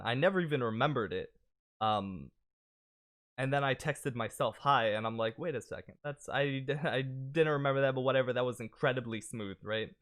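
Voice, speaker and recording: A man's voice: fairly low pitch, fairly bright tone, clear, resonant tone. A young man telling a long, rambling story on a podcast in a laid-back, casual way, with lots of fillers. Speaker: podcast host.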